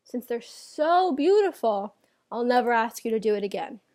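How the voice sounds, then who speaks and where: A woman's voice: on the high side, sing-song, moderate pace, darkish tone. A woman voicing a stern father in a told folk tale, pressing his son and raising his voice. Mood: insistent. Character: stern father of a little boy.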